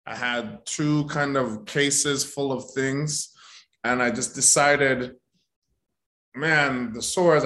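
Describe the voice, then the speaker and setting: A man, an actor, telling a story in a casual interview, animated and acting out the voices of the people in it. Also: mid-range voice. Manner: animated, acts out quoted voices.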